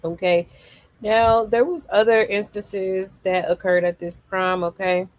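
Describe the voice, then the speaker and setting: A woman hosting celebrity gossip, casually reacting to clips and comments in a sassy drawl with loud laughs. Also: medium pitch, fairly even intonation, unhurried, no echo.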